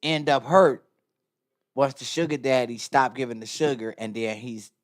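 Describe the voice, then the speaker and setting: A man hosting a podcast, telling stories in an animated, profane way and acting out quotes in casual chat. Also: medium pitch, moderate pace. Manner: profane, animated storyteller who acts out quotes. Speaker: podcast host.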